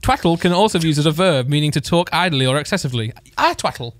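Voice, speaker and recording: A young man co-hosts a chatty podcast, reading out odd word definitions at a rapid clip. His voice sits a little high and is recorded dry and close. He laughs easily between lines. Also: animated, fairly bright tone, dry recording. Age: 20s. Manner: reads definitions aloud and laughs often. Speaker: podcast co-host.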